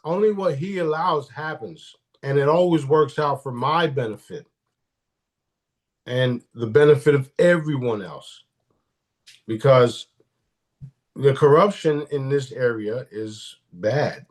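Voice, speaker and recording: A man talks bluntly and swears freely as a guest on a live stream. He often restarts his sentences mid-thought. His voice sits at an ordinary middle pitch. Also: slow. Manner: blunt and profane, with frequent restarts. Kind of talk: casual live-stream interview.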